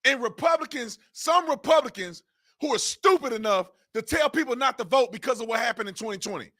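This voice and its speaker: A man's voice: extremely high pitch, lively intonation, brisk, pushed and bright. A man hosting his own political commentary channel, ranting in exasperation and firing off repeated rhetorical questions in informal speech.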